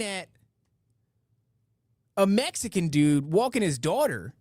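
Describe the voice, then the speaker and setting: This middle-aged man's voice sits on the high side, sing-song, slow, and darkish, recorded cleanly in studio quality without room sound. Hosting a live-stream podcast, he reads out donations and chat and meanders casually through stories, often restarting and going off on asides.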